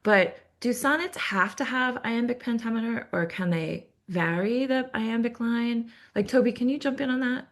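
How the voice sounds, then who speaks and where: A woman's voice: fairly high pitch, normal speed, hardly any pauses. A woman steering the chat. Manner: inquisitive, guiding the talk. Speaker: podcast host. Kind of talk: casual chat.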